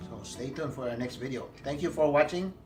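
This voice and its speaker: A man's voice: medium pitch, fairly quick, loud music behind the voice. A man hosting a casual cooking demonstration, upbeat and chatty, talking to viewers as he plates and tastes his food. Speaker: cooking channel host. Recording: noticeable kitchen background noise.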